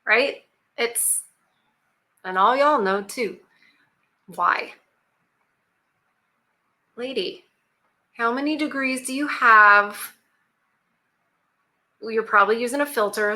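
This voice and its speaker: A woman's voice: medium pitch, fairly even intonation, slow, pauses often, bright, forceful tone. A woman hosting a reaction video, giving blunt, sarcastic commentary and talking back at the clips.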